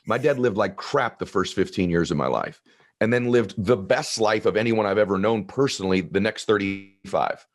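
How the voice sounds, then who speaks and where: A man in his fifties with a deep voice, telling a personal story in an earnest, heartfelt way during an interview. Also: moderate pace. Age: 50s. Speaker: guest author. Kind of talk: emotional storytelling in conversation.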